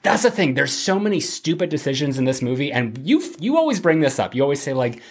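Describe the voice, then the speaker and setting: A man co-hosting a movie podcast, talking in an animated, profane, joking way. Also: on the high side, fast. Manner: animated, profane, laughing riffs. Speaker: podcast co-host. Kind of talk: casual chat.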